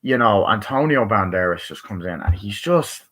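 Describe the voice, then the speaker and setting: A man with a low, husky voice talks through a movie review in a loose, rambling way. He swears freely and keeps breaking into quick voices of the characters. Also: lively intonation, a bit bright.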